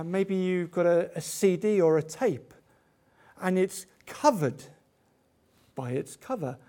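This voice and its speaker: A man's voice: sits high, darkish tone. A man preaching a sermon, asking rhetorical questions and building to emphatic peaks.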